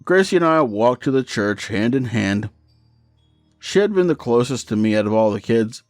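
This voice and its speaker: A man's voice: medium pitch, lively intonation, moderate pace, a little mellow, no echo, studio quality, faint music behind. A man reading a first-person horror story in a matter-of-fact, profane storytelling manner.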